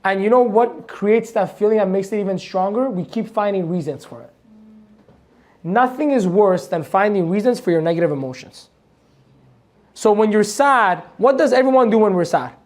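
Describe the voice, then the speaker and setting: A man's voice: high voice, expressive, moderate pace, darkish tone. A man giving a live motivational training to an audience. He talks bluntly, swears casually, laughs at his own points and keeps firing rhetorical questions at the room.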